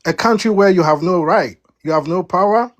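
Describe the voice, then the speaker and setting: Emphatic African man debating, higher voice. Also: a little fast. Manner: emphatic, repeats words when cutting in, rising pitch on key points. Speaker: debate panelist. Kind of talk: heated panel debate.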